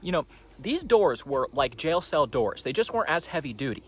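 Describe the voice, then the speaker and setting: A man's voice: a little high, very animated, moderate pace, fairly bright tone, slightly rough. A young man rambling through a casual storytime monologue, profane and full of fillers.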